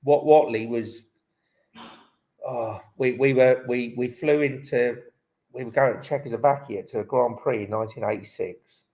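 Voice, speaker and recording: A man's voice: mid-range voice, normal speed, warm tone, poor audio. A man in his fifties, a former motocross champion, telling stories as a guest in a live online interview in a rambling way full of restarts. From Britain. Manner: rambling, restarts often, lots of "um" and "like".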